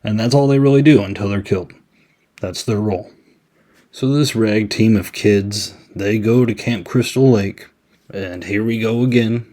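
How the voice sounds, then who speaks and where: A man's voice: lowish voice, normal speed, mellow. A man hosting a podcast, giving a casual, chatty movie review with many "I mean"s. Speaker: podcast host.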